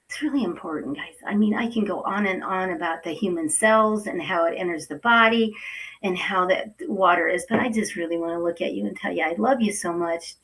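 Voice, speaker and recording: A woman's voice: medium pitch, bright, forceful tone, far from the mic, rough recording. A woman hosting a talk show, gushing and affectionate as she talks to viewers and introduces a guest. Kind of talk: upbeat talk show chat.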